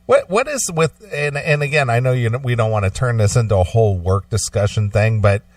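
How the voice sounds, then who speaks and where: A man's voice: medium pitch, animated, brisk, no echo, far from the mic. A man hosting a radio show in casual banter, chatty and repetitive, asking pointed questions. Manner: chatty, repeats himself, asks pointed questions. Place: radio studio.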